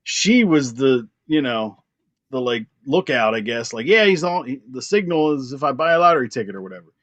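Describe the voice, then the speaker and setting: A young man from Pennsylvania telling a story in a loose, animated way, laughing often and slipping into the voices of the people he describes. His pitch sits in an ordinary middle range. The sound is dry and close, with no room echo. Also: brisk. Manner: animated, laughs often, acts out quoted lines. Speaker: band drummer, guest. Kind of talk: casual storytelling.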